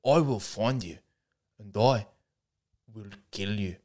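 A man's voice: lowish voice, darkish tone. A man doing a South African accent to play a menacing father who coldly threatens his daughter's kidnappers in a comic monologue. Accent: South African (put on). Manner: slow, clipped, deliberate threats. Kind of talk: comedic impression monologue.

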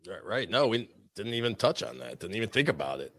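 A man co-hosting a live stream, chiming in with quick, chatty asides. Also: on the low side, very animated, creaky, a bit bright, dry recording, studio quality. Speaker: co-host. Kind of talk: casual live-stream chat.

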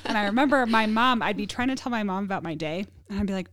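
A fast-talking woman guest on a podcast, explaining teen emotions while her pitch swings widely up and down. She keeps checking in with "right?" and sounds dry and close to the mic. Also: animated, fairly bright tone, no room sound. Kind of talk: casual podcast conversation.

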